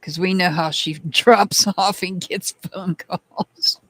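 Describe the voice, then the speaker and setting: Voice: mid-range voice, fairly even intonation, slow pace, fairly bright tone, dry recording. A tarot reader giving a casual live-stream reading, chatty and calling out viewers by name.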